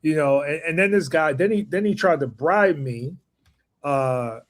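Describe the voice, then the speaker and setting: A man chatting casually as a guest, relaxed and easygoing, with lots of fillers. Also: fairly high pitch, unhurried. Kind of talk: casual chat.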